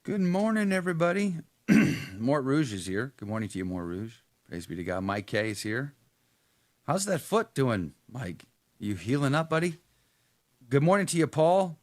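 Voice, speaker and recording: Chatty, wry male host with a lively voice. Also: medium pitch, moderate pace, no echo. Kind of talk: casual livestream chat greeting viewers.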